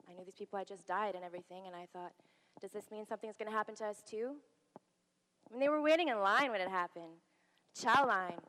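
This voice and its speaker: Woman veteran, candid staged storytelling, long hall reverb. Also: mid-range voice. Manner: candid, quotes others in lively voices. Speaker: Navy veteran telling her story on stage. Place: theater stage.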